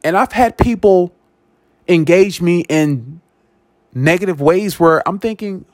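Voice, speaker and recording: This man's voice sits high and moves slowly in a dry recording. Hosting a show, he delivers a personal story as a monologue, animated throughout, repeating words and performing other people's quoted speech.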